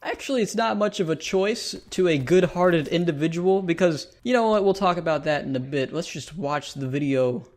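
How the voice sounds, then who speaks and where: Male vlogger, sarcastic and exasperated, fairly high voice, casual reaction rant. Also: animated, normal speed, hardly any pauses. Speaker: YouTube commentator.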